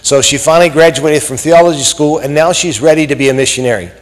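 A man preaching a sermon, telling a story with lively acted-out quotes and some fillers. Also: a little high, fast talker, big-room sound, poor audio.

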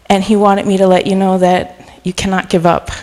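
A middle-aged woman preaching informally in a church, chatty and self-deprecating, then softening into earnest encouragement. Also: medium pitch, flat delivery, normal speed. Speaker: guest preacher. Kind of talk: informal sermon. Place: church sanctuary. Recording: long reverb of a church hall.

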